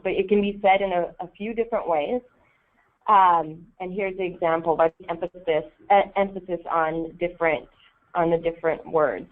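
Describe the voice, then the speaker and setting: Woman trainer, lowish voice, chatty teaching manner with lots of "right?", thin lo-fi phone-like sound. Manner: casual, many ums and rhetorical "right?". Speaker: volunteer trainer. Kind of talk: training session talk. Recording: tinny phone-like audio.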